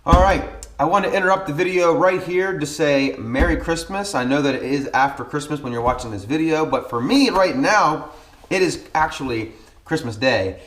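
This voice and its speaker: A man in his thirties from Pennsylvania, USA, talks to camera about his car channel in a casual, earnest vlog, saying "um" a lot. His voice is a little high and fairly bright, at a moderate pace, and the sound is reverberant.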